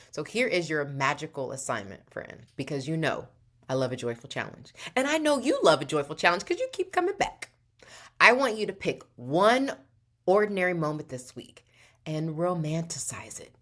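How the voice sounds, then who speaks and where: Playful animated woman host. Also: fairly low pitch. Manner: playful and theatrical, calls listener darling, laughs often. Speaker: podcast host. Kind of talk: upbeat motivational talk.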